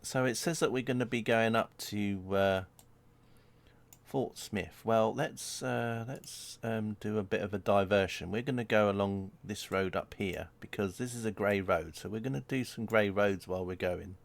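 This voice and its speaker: A man's voice: on the low side, normal speed, creaky. A man streaming a driving game, chatting in a rambling way and giggling at his own jokes. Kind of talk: live-streamed gameplay chat.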